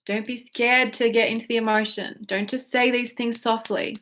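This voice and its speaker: A woman's voice: fairly high pitch, steady tone, a bit bright. A woman leading a guided tapping and breathing exercise, giving instructions and speaking emotional phrases for listeners to repeat. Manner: slow, guiding, with yawns and whiny repeated phrases. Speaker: tapping practitioner.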